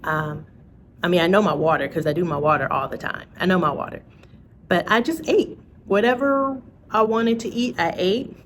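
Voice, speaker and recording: A woman's voice: fairly low pitch, normal speed, slight background noise. A woman vlogging in a casual chat to camera, talking to her viewers with frequent laughs and asides. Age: adult, parent.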